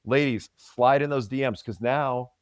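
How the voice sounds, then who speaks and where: A man's voice: medium pitch, fairly even intonation, normal speed, clear, resonant tone, dry recording, clean studio sound. A man co-hosting a podcast and coaching fitness, teasing and joking in casual banter. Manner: joking, teasing, playful impressions.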